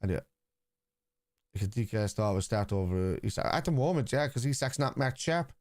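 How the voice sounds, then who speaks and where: A man's voice: lowish voice, lively intonation, normal speed, darkish tone, no echo, studio quality. A man hosting a live football watchalong from his computer at home, arguing with chat, swearing bluntly, and reading stats aloud. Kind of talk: live-stream chat, answering viewers.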